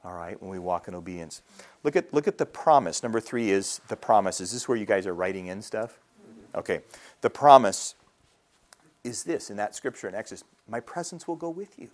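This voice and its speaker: Male pastor, middle-aged, low-pitched voice, conversational sermon, checks in with listeners. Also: lively intonation, a little fast, darkish tone. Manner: conversational preaching with frequent "all right?" check-ins.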